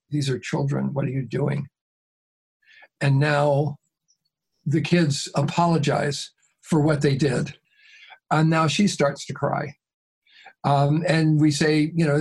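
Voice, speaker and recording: A man with a husky, slightly rough voice, guest on an interview, recounting a mediation case at a measured, even pace. He talks in a calm, conversational way. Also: fairly high pitch.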